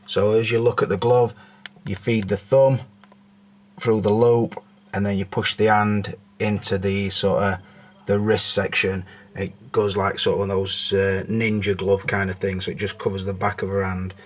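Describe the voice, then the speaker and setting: A man's voice: fairly low pitch, flat delivery, normal speed. A man giving a casual, chatty walkthrough of a collectible figure, with frequent "uh" fillers. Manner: chatty, informal, hesitant with fillers. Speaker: toy reviewer.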